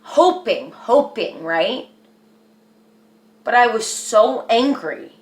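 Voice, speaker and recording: A woman's voice: fairly high pitch, expressive, takes it slowly. A woman telling a personal story to camera in a rambling, earnest way, with lots of "like.". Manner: rambling, earnest, says "like" a lot. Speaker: vlogger. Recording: echoey room.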